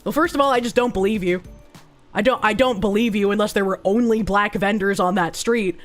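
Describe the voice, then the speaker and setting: A woman's voice: mid-range voice, a little fast, soft background music. A woman streamer reading news aloud and reacting to it in a blunt, profane, sarcastic way, thanking chat for subs between rants.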